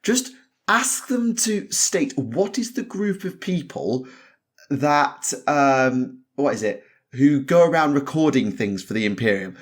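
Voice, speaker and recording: A man's voice: mid-range voice, animated, slow pace. A man hosting a podcast, ranting emphatically and swearing, often breaking into laughter. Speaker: podcast host. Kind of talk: casual podcast chat.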